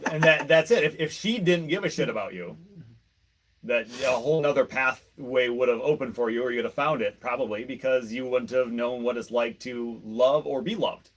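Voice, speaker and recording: A man's voice: mid-range voice, moderate pace. A man with a mid-range voice co-hosts a podcast conversation. He speaks thoughtfully, asks probing questions and hedges his own theories. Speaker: podcast co-host. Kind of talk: reflective conversation.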